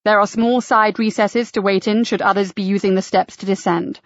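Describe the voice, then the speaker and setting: A woman's voice: mid-range voice, steady tone, brisk, dry recording, muffled recording, close to an everyday voice. A woman voicing a theatrical male church tour guide in an audiobook, with polished, showman-like patter. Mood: genial.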